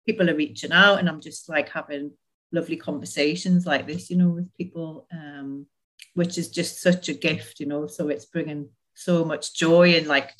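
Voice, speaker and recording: A woman, an author talking casually as a podcast guest and laughing often. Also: deep voice. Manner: chatty, warm, laughs often. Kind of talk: casual interview conversation.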